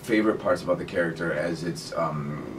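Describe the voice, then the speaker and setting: A man's voice: low-pitched, brisk, recorded from a distance, a little hiss or hum, poor audio. A man in his thirties from Chicago, an actor chatting casually as a radio interview guest and telling rambling stories with playful asides.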